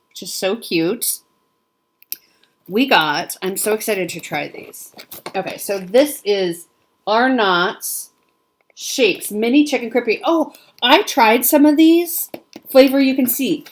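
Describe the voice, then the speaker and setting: A woman chatting casually to camera as she unboxes a gift parcel, gushing and delighted, often laughing softly. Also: mid-range voice. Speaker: cross-stitch vlogger.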